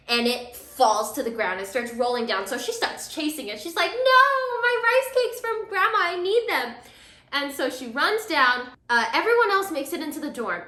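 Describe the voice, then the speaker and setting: A young woman vlogger, her voice high, bright and forceful, chats through a casual drama recap as she does her makeup at home. Full of fillers, she acts out what the characters say, and the recording has an echoey room sound.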